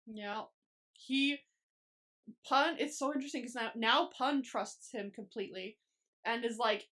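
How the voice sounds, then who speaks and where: A young woman co-hosting a podcast, chatting casually and swearing freely as she recaps a series. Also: a little high. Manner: swears a lot, quick and animated. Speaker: podcast co-host.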